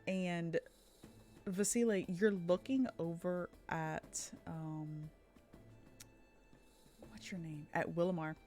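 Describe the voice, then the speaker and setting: A woman running a tabletop game as game master, with a lowish voice. She narrates hesitantly, with many fillers, and giggles often. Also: fairly even intonation, slow, long pauses, darkish tone, faint music behind.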